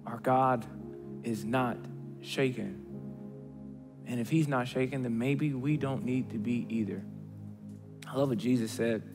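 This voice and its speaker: A male pastor preaching a sermon in a conversational way, swinging between hushed and excited delivery. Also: mid-range voice, measured pace, long pauses, in a large hall, over music. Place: church stage.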